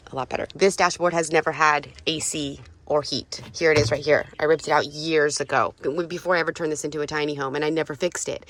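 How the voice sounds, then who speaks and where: A woman's voice: low voice, fairly bright tone, a little hiss or hum. A woman talking casually to the camera as a vlogger who lives out of her vehicle, chatty and emotional, laughing and gasping often, speaking in and around her truck outdoors. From California. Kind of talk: casual vlog talk to camera.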